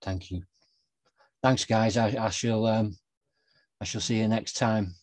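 Man, low flat voice, host, hesitant with many ums, dry close sound. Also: a little slow, no room sound. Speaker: podcast host. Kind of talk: casual live-stream interview.

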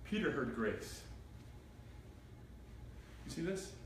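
Animated preacher in an echoey room. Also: male voice, a little high, slow pace. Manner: animated, asks the group questions, reads scripture aloud. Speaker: pastor. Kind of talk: interactive Bible study sermon. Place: church room. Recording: echoey room from far off, faint noise.

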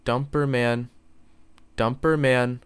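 This is a creepy, clingy male burger creature, played by a man reading it aloud. He talks in a soft, seductive way and always sounds self-righteous. He uses the reader's own mid-range voice. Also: mid-range voice, fairly even intonation, slow pace, clean tone, close to an everyday voice. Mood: creepy, syrupy.

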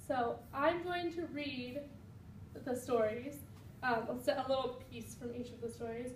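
A woman's voice: sits high, fairly even intonation, a little slow. Young woman teacher reading to a class, recorded far off in an echoey classroom with faint noise. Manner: patient instructions with fillers. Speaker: student teacher. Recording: roomy, distant, faint room noise.

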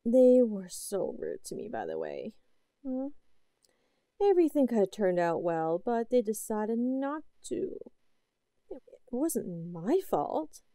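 A woman performs an obsessive, possessive girlfriend in an audio drama, cooing with creepy little laughs. The voice is mellow and slow, swinging widely in pitch, recorded close and dry. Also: huge pitch swings, no echo. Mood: sweetly menacing. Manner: sweet-talking with unsettling laughs, menacing.

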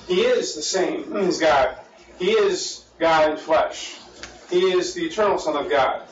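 In a church meeting room, an American pastor leads a Bible study, repeating his words as he thinks and asking the class questions. His voice is on the high side and measured in pace. The recording is roomy, distant, dull, and lightly noisy.

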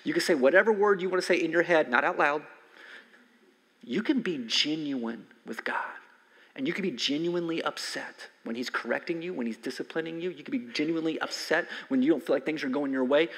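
A man in his forties preaching a conversational sermon as a pastor, swinging from loud emphasis to soft near-whispers. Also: on the high side, breathy edge. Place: church sanctuary. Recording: long hall reverb from a church sanctuary.

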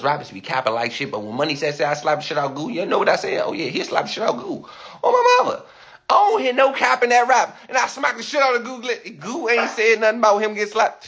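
A man's voice: fairly high pitch, a bit bright, slight background noise. A man with a Washington DC accent, ranting boastfully on a livestream into a handheld phone camera, swearing and laughing often. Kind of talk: rambling livestream rant.

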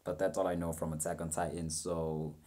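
A man's voice: low voice, flat delivery, a little fast, mellow. A young man giving a rambling, self-mocking reaction commentary, swearing freely as he goes. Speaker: reaction video host.

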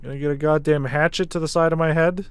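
A man's voice: a little high, steady tone, fast, clean tone, dry recording. A man streaming a horror game, chatting casually and swearing freely as he reacts with startled exclamations. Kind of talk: casual live-stream commentary while playing a horror game.

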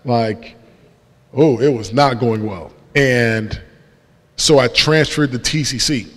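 Young male speaker, mid pitch, animated church testimony storyteller, big reverberant hall. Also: slow pace. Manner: lively storyteller who acts out dialogue and laughs at himself. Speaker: guest speaker. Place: church sanctuary.

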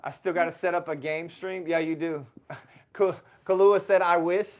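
A man's voice: on the high side, steady tone, moderate pace. A man, hosting a casual family livestream, chatty and reading out viewer messages. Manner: chatty, reads chat aloud, gives shout-outs.

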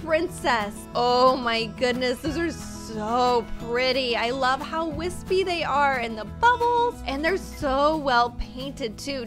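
A young woman hosting a casual gaming video, gushing and chatty, peppering her talk with "like". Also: high voice. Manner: bubbly, gushing, says "like" often. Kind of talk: casual gameplay commentary. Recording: music playing behind voice.

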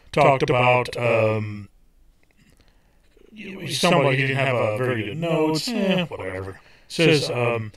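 A man hosting a podcast, reading a letter aloud with his own comments, halting and full of fillers. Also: mid-range voice, distant mic. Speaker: podcast host.

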